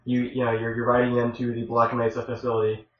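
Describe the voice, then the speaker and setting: A man's voice: medium pitch, monotone, fast. A man talks his way through a casual review on a live stream, rambling and stopping to restart his sentences. He sits well back from the mic in a very echoey room, and the sound is dull and lo-fi. A faint hiss sits under his voice. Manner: rambling, self-interrupting, exasperated at interruptions. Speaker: podcast host presenting a game review. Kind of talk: casual chat. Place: room shared with two co-hosts on a live stream. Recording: roomy, distant, dull lo-fi mic with faint noise.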